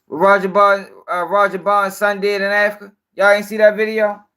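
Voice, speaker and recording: A man's voice: sits high, level tone, moderate pace, pushed and bright, clear, resonant tone. A man hosting a live-stream news show, ranting in casual, profane, rambling talk and sounding tired.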